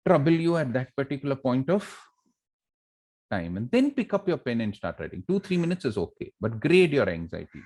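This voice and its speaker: A deep-voiced, middle-aged man speaking English with an Indian accent, lecturing students on handling exam nerves. He drills his points by repeating them, stretches words out slowly for emphasis and keeps asking his audience rhetorical questions. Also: a little mellow. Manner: repeats key phrases and quizzes listeners with rhetorical questions. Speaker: college academic director giving exam advice.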